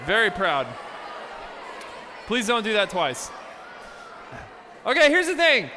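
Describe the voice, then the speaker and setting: A young man giving a youth camp sermon, telling stories with playful asides and lively energy. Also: sits high, slow pace, long reverb tail, over a noisy crowd, heavy background noise. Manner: animated storytelling with playful asides. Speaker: youth pastor. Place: large hall with a live audience.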